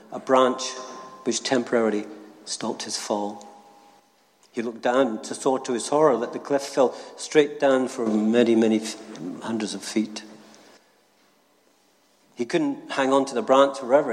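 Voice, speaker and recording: An older man, a retired minister, telling a humorous story and then preaching gently at a church service. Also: mid-range voice. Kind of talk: short talk at a church service. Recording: long church reverb.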